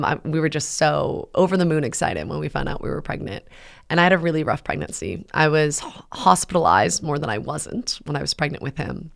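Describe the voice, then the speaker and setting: A woman in her thirties hosting a faith talk, telling a personal story in a rambling, heartfelt way with many pauses and fillers. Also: sits low, creaky. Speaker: podcast host. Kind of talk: casual personal testimony.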